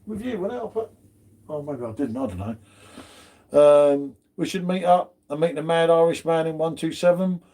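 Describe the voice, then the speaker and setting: A man's voice: a little high, moderate pace, mellow. A man hosting a casual live beer stream from home, bantering, swearing and greeting viewers in chat. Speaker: beer channel host.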